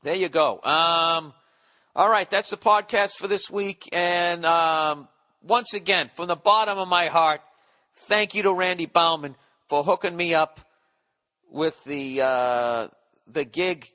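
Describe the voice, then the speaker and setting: A middle-aged man hosts a solo podcast and rambles through profane, sarcastic rants. His voice runs fairly high and comes across bright and forceful. He reads listener mail aloud and pokes fun at himself as he goes. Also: takes it slowly. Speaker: podcast host.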